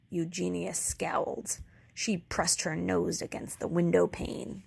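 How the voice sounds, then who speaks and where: A woman teacher reading a children's book aloud, pausing to explain words for young kids. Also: fairly low pitch, level tone, creaky, darkish tone, breathy edge.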